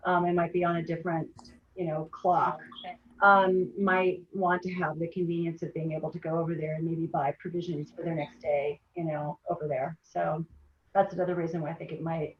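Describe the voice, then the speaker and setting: Lady on a muffled echoey zoom, lowish voice, lots of um and you know. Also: little pitch movement, a little fast, a little hiss or hum. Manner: thoughtful, full of fillers. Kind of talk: video call meeting. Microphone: video call. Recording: dull, roomy video call audio.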